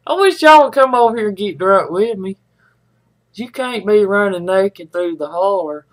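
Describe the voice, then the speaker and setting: A woman's voice: mid-range voice, lively intonation, moderate pace. A middle-aged woman, chatting in a folksy, rambling way to viewers of her live stream. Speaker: livestream host. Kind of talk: casual chat with live viewers.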